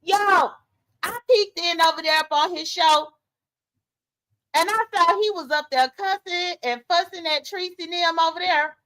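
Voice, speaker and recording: A woman hosting a casual livestream, commenting on drama and reading viewer comments aloud, animated and talking straight to her audience. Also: very high voice, normal speed, low-quality recording. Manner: animated, talks straight to viewers, rhetorical questions. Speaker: YouTube commentary host.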